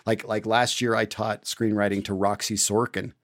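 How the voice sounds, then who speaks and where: A man's voice: fairly low pitch, level tone, normal speed, fairly bright tone. A man guesting on a podcast, talking about his past and his teaching in a rambling, enthusiastic way with many restarts, joining remotely. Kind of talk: casual interview chat. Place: remote, not in the same room as the hosts.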